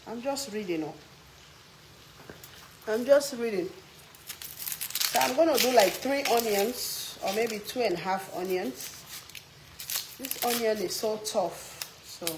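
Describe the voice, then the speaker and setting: A woman's voice: on the high side, noisy background. A woman from Africa with an African English accent, hosting a casual cooking vlog, chatting playfully while reading viewer comments and teasing her audience.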